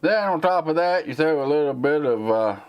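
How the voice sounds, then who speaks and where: A man's voice: fairly high pitch, expressive, fairly quick, clear, resonant tone, lo-fi sound. Rambling Southern American man, slight slur. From United States. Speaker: tech channel host. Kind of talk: live stream Q&A chat.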